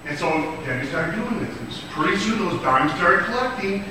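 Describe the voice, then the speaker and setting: Animated man teaching kids in an echoey hall. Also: high voice, moderate pace, background noise. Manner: lively and questioning, acts out the characters. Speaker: children's teacher at church. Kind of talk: animated storytelling to children. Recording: echoey hall, mic far off.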